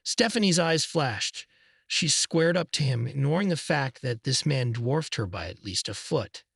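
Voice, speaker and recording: Gravelly male story narrator. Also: mid-range voice, expressive, measured pace, a bit bright, no echo, clean studio sound. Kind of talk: scripted first-person story narration.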